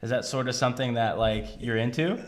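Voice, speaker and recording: A man's voice: mid-range voice, brisk. A man hosts a casual interview with a loose, joking manner. He reads viewer questions aloud and stumbles over the odd word, keeping things light. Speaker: host.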